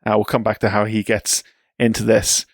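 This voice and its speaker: A man co-hosting a podcast, telling sports history in a relaxed, chatty way with asides. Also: on the low side, moderate pace, gravelly, husky, no room sound, clean studio sound. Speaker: podcast co-host. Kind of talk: casual chat.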